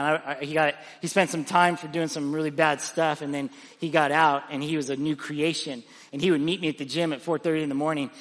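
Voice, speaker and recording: Man, pastor, sermon, high voice, energetic storyteller, repeats words, long church-hall reverb. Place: large church auditorium.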